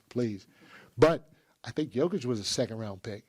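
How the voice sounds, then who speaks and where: A man, a basketball head coach, answering questions at a press conference in a halting, earnest way, with frequent restarts. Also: mid-range voice, expressive, darkish tone, breathy edge, no echo.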